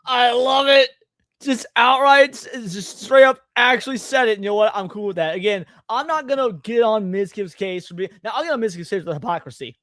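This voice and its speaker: A high-pitched man talks casually as a show host, rambling and emphatic. The sound is dry and close. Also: brisk, no echo. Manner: rambling, emphatic, swings loud when worked up. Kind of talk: casual podcast chat.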